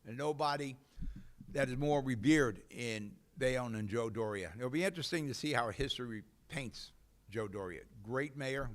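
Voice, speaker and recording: The man hosting this local politics program has a mid-range, slightly bright voice. His commentary is opinionated, blunt and rambling, with fillers cropping up often.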